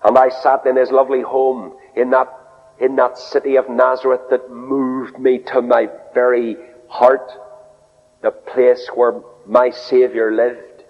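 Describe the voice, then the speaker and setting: A man preaching a sermon, telling stories earnestly and dropping low and soft for quoted words. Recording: dull radio broadcast with long reverb.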